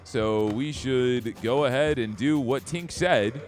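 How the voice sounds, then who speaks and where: A man giving excitable, joking let's-play commentary as a gaming streamer, reading the game text aloud. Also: mid-range voice, slow. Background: game music.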